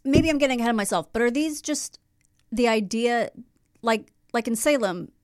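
A woman co-hosting a podcast, reacting quickly and joking in casual chat. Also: on the high side, dry recording, clean studio sound. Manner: quick reactions, playful jokes. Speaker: podcast co-host.

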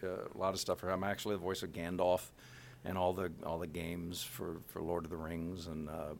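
A middle-aged male voice actor chatting in an interview, animated and full of fillers. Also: sits low, brisk, creaky, a little hiss or hum. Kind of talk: casual interview chat.

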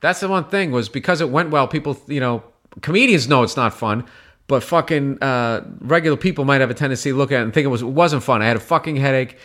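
A man, a stand-up comedian, telling a long story in casual conversation, swearing freely and jumping up high in pitch when he quotes people. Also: quick pace. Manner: animated, profane, jumps in pitch when quoting people.

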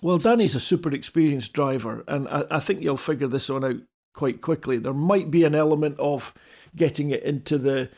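A man giving halting, considered opinions as a pundit in a panel chat, with many restarts. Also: a little high, a little mellow.

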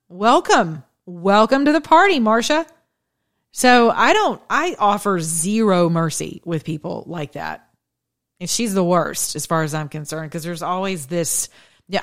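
Sarcastic combative woman ranting. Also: medium pitch. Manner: sarcastic, combative, frequent laughs. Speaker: podcast host. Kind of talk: opinion monologue.

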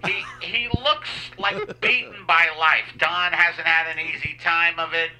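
A man's voice: on the high side, a little slow, bright, forceful tone, pitched above the performer's own voice, low-quality recording. A man playing a chatty, oversharing airline pilot on mushrooms, improvising a PA announcement. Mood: rambling. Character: rambling stoned middle-aged male airline pilot. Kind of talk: improv comedy bit over a PA.

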